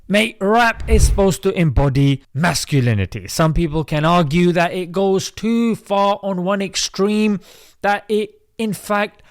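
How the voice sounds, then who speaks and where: A man's voice: sits high, no room sound, studio quality. A British man hosting an opinion commentary vlog, preachy and chatty, calling his viewers mate. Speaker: host.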